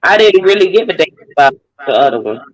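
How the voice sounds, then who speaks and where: A woman's voice: fairly low pitch, very animated, fast talker, low-quality recording. Woman host, blunt, profane, casual chat.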